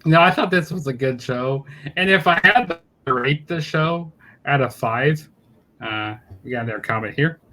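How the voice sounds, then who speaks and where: A man's voice: mid-range voice, normal speed, bright, forceful tone. A man co-hosting a wrestling podcast in casual chat, reading out listener comments. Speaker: podcast co-host.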